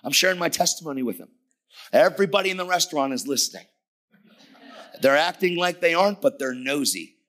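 A man's voice: on the high side, lively intonation, a little fast, long pauses, a bit bright. A man in his fifties preaching as a guest speaker, telling a personal story with emphasis and acting out the dialogue. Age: 50s. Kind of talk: sermon told as a personal story.

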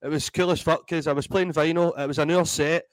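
A Scottish man in his thirties, a DJ and comedian telling animated, sweary stories in a casual interview. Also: fairly high pitch, brisk, no room sound, rough recording. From Scotland. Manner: animated, swears freely, acts out voices in anecdotes. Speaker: guest DJ and comedian.

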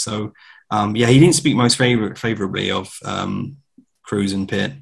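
A man's voice: fairly low pitch, steady tone, moderate pace, creaky, slightly rough. A man, a podcast guest, telling rambling anecdotes in a casual film chat.

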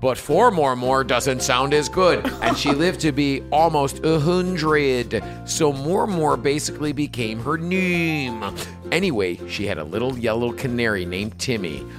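A man's voice: medium pitch, measured pace, over music. A man co-hosting a podcast, reading listener stories aloud with playful, joking asides. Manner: playful, joking, lively delivery. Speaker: podcast co-host. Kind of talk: casual comedic chat, reading listener stories.

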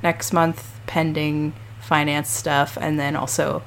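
A woman co-hosting a casual podcast. Her voice sits very low and comes out gravelly, like a rough morning voice. She talks in a chatty, candid way. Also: flat delivery, takes it slowly, a little hiss or hum. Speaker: podcast co-host.

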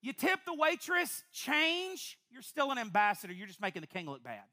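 A woman pastor, preaching a sermon to a congregation in an animated, playful way with quick asides. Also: on the high side. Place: church before a congregation.

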